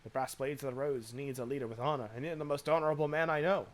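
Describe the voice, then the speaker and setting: A man's voice: medium pitch, steady tone, fast, natural voice. A man playing a veteran male soldier, blunt, plain-spoken, fair, game read-along. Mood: earnest.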